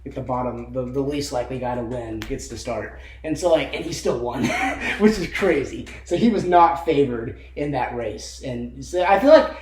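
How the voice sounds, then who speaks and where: A man's voice: mid-range voice, lively intonation, moderate pace, hardly any pauses, echoey room, a little hiss or hum, poor audio. A young man co-hosting a casual movie chat, rambling with lots of fillers and frequent laughter. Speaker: co-host of a movie discussion channel.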